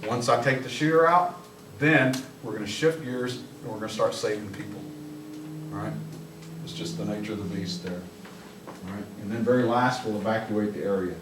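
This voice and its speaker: A man giving a live police training talk to an office audience, blunt and joking, shouting commands when he acts them out. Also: on the low side, moderate pace, background noise. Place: office meeting room with audience. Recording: echoey room, mic from a distance.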